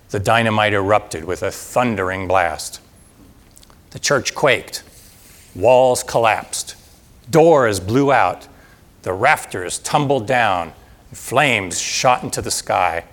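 A man reading a historical account in a measured, dramatic way, then addressing an audience. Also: medium pitch, fairly bright tone. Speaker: speaker reading historical narration.

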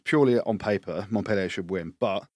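A man co-hosting a rugby podcast, joking and teasing in quick casual chat. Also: lowish voice, no echo, clean studio sound. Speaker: podcast co-host.

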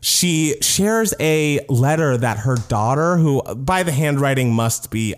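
A man's voice: mid-range voice, takes it slowly. A young man co-hosting a podcast, talking in a casual, gossipy way and leaning on "like" a lot. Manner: animated, gossipy, heavy use of "like". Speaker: podcast co-host, actor. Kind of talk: casual chat.

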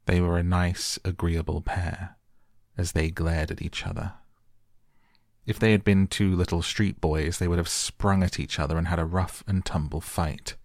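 A man reading a storybook aloud softly at bedtime, gentle and unhurried. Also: low-pitched, flat delivery, no room sound, clean studio sound. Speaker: audiobook narrator.

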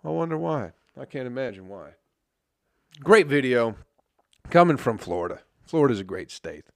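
A man's voice: mid-range voice, big pitch swings, normal speed, vocal fry, no room sound. A man hosting a podcast, ranting with constant swearing and laughing at his own jokes, his throat dry. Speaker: podcast host. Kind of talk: profane comedic rant.

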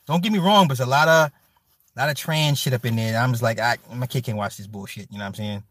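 Casual streamer host, male, mid-pitched, profane and animated, dry close mic. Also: quick pace, no echo. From Chicago. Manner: loose, profane, animated storytelling with loud outbursts. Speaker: livestream host reading chat. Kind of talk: casual chat.

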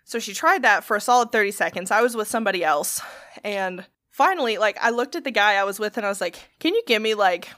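Woman, podcast co-host, casual storytelling, animated, laughs a lot, swears. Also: medium pitch, quick pace, no echo.

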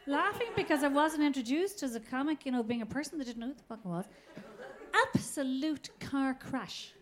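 A woman's voice: high-pitched, normal speed, roomy sound. A woman comedian with an Irish accent telling stories in a casual chat, laughing and swearing. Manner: animated, laughing, swearing storytelling. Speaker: comedian guest.

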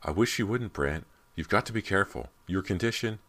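A man's voice: deep voice, animated, a little fast, a bit bright, pitched above the performer's own voice, full character voice. A man voicing a worried middle-aged mother in a storybook reading, soothing and fretful.

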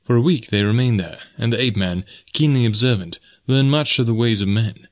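This is scripted audiobook narration by a man of medium pitch whose storytelling stays even and measured.

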